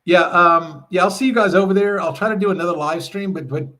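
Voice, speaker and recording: Quick and high-pitched, his voice comes across pushed and bright. A middle-aged man is running a casual livestream from his home RV, talking with viewers and reading their comments aloud amid frequent laughter.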